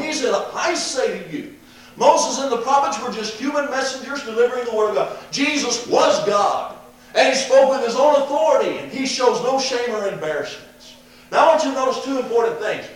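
High-voiced preacher in an echoey hall. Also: male voice, expressive, brisk. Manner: emphatic, rising when quoting, trailing off at ends of verse citations. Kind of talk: sermon. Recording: echoey hall, voice from a distance with a faint hum.

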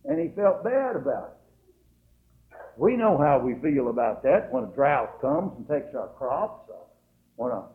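Preacher telling bible stories, folksy and punchy, echoey church, phone-ish sound. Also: male voice, mid-range voice. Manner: folksy, dramatic, rising to loud emphasis. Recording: tinny lo-fi echoey church tape.

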